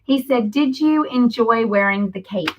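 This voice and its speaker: A woman's voice: a little high, a little slow, highs cut off, a little hiss or hum. A woman hosting an interview, asking questions and reading out viewer questions. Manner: asks questions, reads viewer questions aloud. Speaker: host. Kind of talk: casual interview chat.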